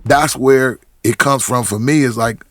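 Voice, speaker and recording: Speaking a little slowly at medium pitch, with a crowd audible behind him, a middle-aged Portland, Oregon rapper talks casually as a podcast guest. He tells stories with frequent restarts, acting out quotes.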